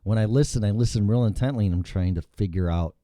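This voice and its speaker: Give me a male talk show host with a Chicago accent, low and mellow, chatting casually and swearing freely. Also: quick pace, dry recording, studio quality. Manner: profane, animated storytelling. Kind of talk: casual chat.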